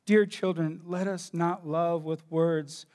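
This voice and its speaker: High-voiced man preaching a sermon. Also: fairly even intonation, takes it slowly. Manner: storytelling, drops to a hushed low voice for emotional moments; impassioned preaching with rising emphasis. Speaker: pastor.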